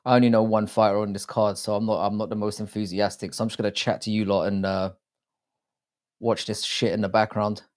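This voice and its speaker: A man's voice: fairly low pitch, level tone, fairly quick. A British man hosting a live stream, chatting casually and swearing often while greeting viewers by name.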